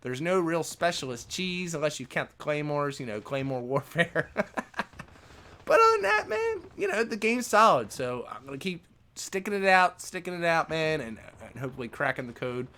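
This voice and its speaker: A man's voice: a little high, moderate pace. A man, a gaming YouTuber, ranting casually to his viewers in a loose, conversational way. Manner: animated, conversational, lots of "man" and "you know".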